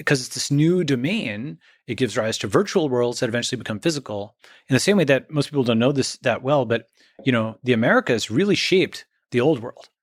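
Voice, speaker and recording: Male guest, emphatic explainer, tags his points with "right?", mid-pitched voice. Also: animated, a little fast, dry recording, clean studio sound. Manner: emphatic, checks in with "okay?" and "right?". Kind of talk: conversational interview.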